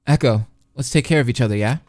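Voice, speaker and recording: A man's voice: medium pitch, fast, a little mellow, no echo, clean studio sound, close to an everyday voice. A man reading the lines of a young woman who clings to a friend for comfort, read in a plain, everyday voice. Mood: pleading.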